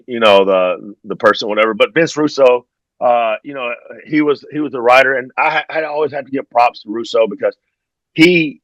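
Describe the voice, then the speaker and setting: A middle-aged man with a drawl talks through old stories in easy, laid-back chat. His voice sits at an ordinary pitch, and the sound is close and dry with no room echo. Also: a bit bright, highs cut off. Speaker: podcast guest, former pro wrestler. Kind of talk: casual interview storytelling.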